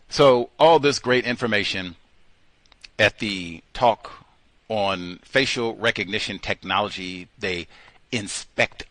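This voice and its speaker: Lively bright-voiced male host. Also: mid-range voice, no room sound. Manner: animated and mocking, slipping into put-on voices. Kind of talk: commentary monologue.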